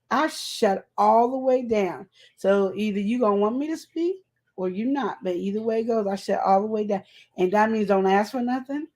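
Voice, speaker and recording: A middle-aged woman co-hosting a podcast chats casually and animatedly, offering advice and telling colloquial stories from home. Her voice sits on the high side with a darkish tone.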